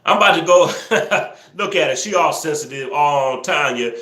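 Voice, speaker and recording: A man hosting a live stream, teasing viewers and scolding trolls in the chat, sometimes yelling excitedly. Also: fairly high pitch, moderate pace, reverberant. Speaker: livestream host. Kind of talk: casual live-stream commentary, talking to the chat.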